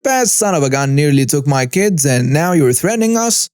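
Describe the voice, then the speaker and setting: A hot-tempered father, read by a male narrator makes threats in a mellow, dark voice that sits a bit high. The recording is dry and close. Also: animated, normal speed, clear, resonant tone, dry recording, close to an everyday voice. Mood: threatening. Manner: threatening, pointed. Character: aggressive father, adult man, hot-tempered.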